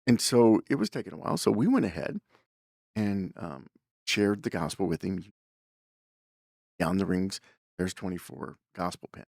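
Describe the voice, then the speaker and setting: A man's voice: low-pitched, animated, moderate pace, creaky, long pauses, darkish tone, no room sound, studio quality. A man hosting a show, telling a story in a casual, rambling way, with lots of fillers and self-corrections. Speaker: podcast host.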